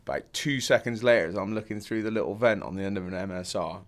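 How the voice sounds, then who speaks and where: A man's voice: fairly low pitch, quick pace. A young man from England, a podcast guest, telling a story in a laid-back way with lots of fillers and frequent laughter. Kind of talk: casual storytelling.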